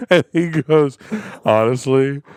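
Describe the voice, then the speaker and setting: A man's voice: mid-range voice, slow pace, very noisy. A young man co-hosting a podcast, casual comedic chat, riffing absurd bits and laughing often. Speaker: podcast co-host.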